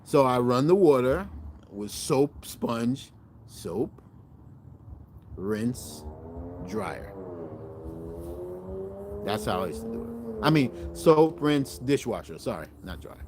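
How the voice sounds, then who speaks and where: A man's voice: medium pitch, sing-song, slow, pauses often, noisy background. A middle-aged man hosting a cooking channel, chatting casually to viewers in a rambling, self-correcting way and animating his stories.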